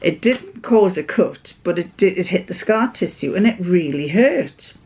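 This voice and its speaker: A woman's voice: fairly low pitch, animated, unhurried, darkish tone, husky. A British woman chatting to camera in a vlog, telling a rambling story and laughing often as she goes. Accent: British English. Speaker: craft vlogger. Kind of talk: casual anecdotal chat to camera.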